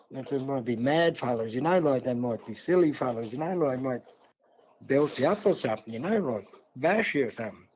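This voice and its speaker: An older man from New South Wales with an Australian accent, telling a long story in a relaxed interview and acting out the dialogue. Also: medium pitch, normal speed, slightly rough. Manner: yarning, acts out dialogue, many "see?" and "mate". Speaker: guest elder. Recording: dull lo-fi sound.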